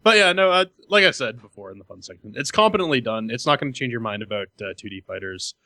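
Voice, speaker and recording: A man's voice: medium pitch, animated, fast talker, pushed and bright, no echo. A man co-hosting a gaming podcast, with crude, sarcastic banter and stammering restarts. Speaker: podcast co-host.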